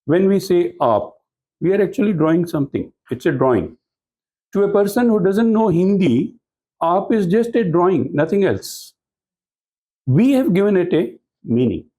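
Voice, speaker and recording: A man's voice: high voice, lively intonation, normal speed, mellow, poor audio. A man giving a training lecture to business professionals, explaining points and posing rhetorical questions to the audience. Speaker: speaker at a corporate training talk.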